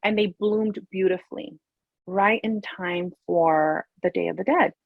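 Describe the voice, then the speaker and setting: Husky woman chatting, animated storyteller, acts out other people's lines, dry close sound. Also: unhurried, dry recording, phone-quality sound. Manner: animated, acts out quoted voices with big pitch jumps. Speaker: guest, therapist and life coach. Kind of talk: casual storytelling chat.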